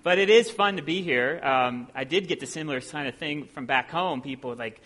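A man from Ohio preaching as a visiting preacher, talking in a relaxed, self-deprecating way with plenty of ums. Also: fairly high pitch, normal speed. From Ohio, USA. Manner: conversational and self-deprecating, with many filler sounds. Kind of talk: sermon. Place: church sanctuary. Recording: long hall reverb in a church.

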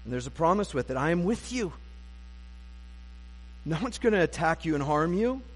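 A man with a high voice delivers a sermon from the pulpit, talking to his congregation in a conversational, self-deprecating way with dry humor. His voice rings out with the long reverb of a large church sanctuary, and a low mains hum sits underneath. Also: very animated, normal speed. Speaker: pastor.

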